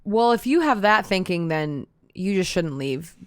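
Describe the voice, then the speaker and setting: Deadpan woman with smooth voice. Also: on the low side, measured pace, no echo. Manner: dry, teasing, deadpan asides. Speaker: podcast co-host. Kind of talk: casual chat.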